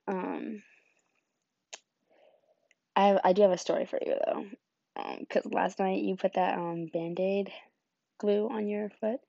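A woman's voice: medium pitch, steady tone, takes it slowly, creaky, long pauses, dark tone, no echo, muffled recording. A young woman vlogging, telling rambling stories in a casual, giggly way with lots of fillers. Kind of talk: casual storytelling chat.

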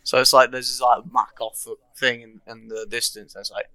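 A man's voice: mid-range voice, flat delivery, moderate pace, bright, forceful tone, clear, resonant tone, dry recording. A young man co-hosting a podcast in casual chat, laid-back and slangy, often trailing off mid-thought. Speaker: podcast co-host.

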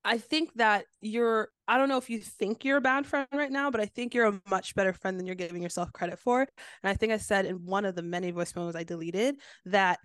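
A woman in her twenties co-hosting a podcast in casual chat, animated and laughing, swinging between soft and loud. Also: mid-range voice, fairly quick, clean tone, no room sound, clean studio sound. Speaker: podcast co-host.

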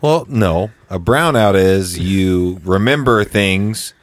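A man's voice: deep voice, lively intonation, slow pace, no room sound. A man in a casual podcast chat, explaining things matter-of-factly.

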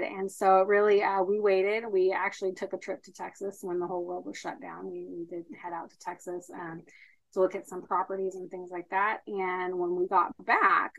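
A woman's voice: on the low side, level tone, moderate pace, fairly bright tone, lo-fi sound. A woman in her thirties telling her family story in a casual podcast interview, earnest and full of fillers. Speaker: podcast guest.

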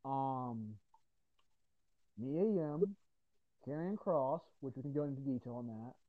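Lively in intonation but slow in delivery, this medium-pitched young New Jersey man chats on a podcast with no room sound. His rants are profane and punctuated by laughter, captured in dull, dry lo-fi audio.

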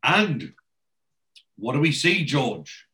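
A man's voice: mid-range voice, very animated, slow, pushed and bright, roomy sound. A man casually recapping a TV episode, chatting along and quoting characters, and often stopping to correct himself. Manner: chatty, bounces between narration and quoted lines, corrects himself. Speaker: podcast host recapping a TV episode.

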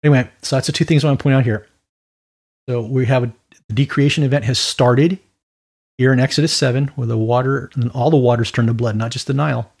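A man preaching an informal Bible teaching in a conversational, animated way with quick asides. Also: mid-range voice, gravelly, breathy edge.

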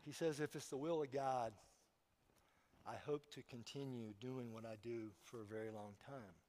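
A man's voice: medium pitch, steady tone, normal speed, a little mellow. Man preaching a sermon with stories. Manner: storytelling preacher, asks the congregation questions. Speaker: pastor.

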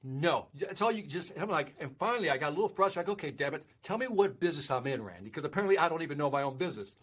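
Guy host chatting, bit husky, acts out every quote. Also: fairly high pitch, very fast. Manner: animated storyteller, acts out quotes. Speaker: podcast host. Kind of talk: casual interview chat.

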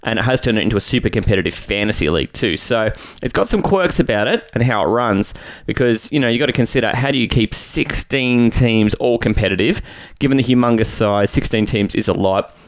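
A man's voice: medium pitch, expressive, fairly quick. A man with an Australian accent hosting a podcast, talking in a chatty, joking, self-deprecating way. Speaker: podcast host. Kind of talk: casual podcast talk.

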